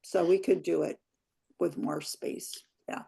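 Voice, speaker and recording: A woman's voice: on the low side, fairly even intonation, a little slow, vocal fry, warm tone, slightly rough. A woman organizer chatting casually while wrapping up an online event on a video call.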